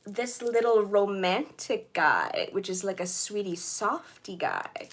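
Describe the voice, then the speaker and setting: A young woman chatting on a casual livestream while sorting jewelry, bubbly and playful, her voice a little hoarse. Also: mid-range voice, expressive, measured pace. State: slightly hoarse.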